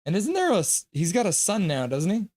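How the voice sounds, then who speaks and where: A man's voice: sits high, wildly swooping pitch, brisk, darkish tone, dry recording, clean studio sound. Chatty man calling hockey live. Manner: jokey, chatty, reads viewer comments aloud. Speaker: live stream host. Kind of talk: live play-by-play and chat reaction.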